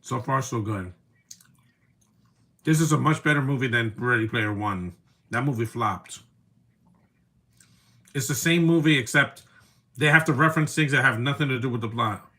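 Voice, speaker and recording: A man's voice: mid-range voice, normal speed, pauses often, pushed and bright. A man giving casual live commentary over a movie, rambling from one opinionated aside to the next.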